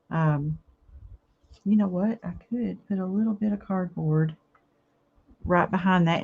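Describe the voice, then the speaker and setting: A woman's voice: low voice, creaky, highs cut off. A middle-aged woman chats earnestly with her viewers while crafting. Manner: chatty, earnest, addresses viewers warmly as y'all. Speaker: craft livestream host. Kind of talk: casual chat while crafting. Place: home, indoors.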